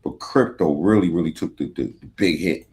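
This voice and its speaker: A man with a lowish voice talks in a loose, slangy way as he reacts to a clip on his podcast. He swears freely and keeps the chat casual. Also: brisk, dark tone.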